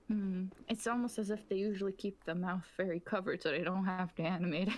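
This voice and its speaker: A woman's voice: mid-range voice, steady tone, brisk, a little mellow. A woman casually co-commentating a game, teasing and giggling often. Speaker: co-commentator on a let's play. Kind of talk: casual gaming chat.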